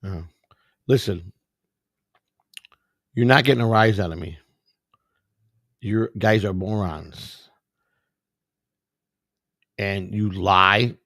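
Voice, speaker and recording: A man's voice: fairly low pitch, slow pace, long pauses, fairly bright tone, dry recording, studio quality. A tired man hosting a live stream, reading viewer comments and firing back at them in a combative, profane way. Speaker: livestream host.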